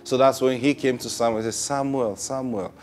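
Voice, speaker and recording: A man preaching a sermon, laughing often and repeating praise, swinging between loud bursts and hushed, drawn-out phrases. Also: medium pitch, level tone. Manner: laughs often, repeats "Praise God", asks rhetorical questions.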